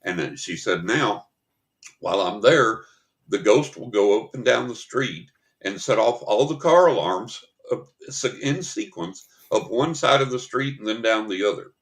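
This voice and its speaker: A man with a lowish voice tells a story on a paranormal talk show. He talks in a casual, chatty way and slips into the voices of the people in his story. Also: unhurried. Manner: animated storyteller acting out voices in quotes.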